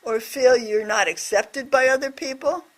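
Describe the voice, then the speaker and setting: A woman voicing a deaf presenter's signed reflection on a scripture story, speaking in short, measured phrases. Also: high voice, fairly bright tone.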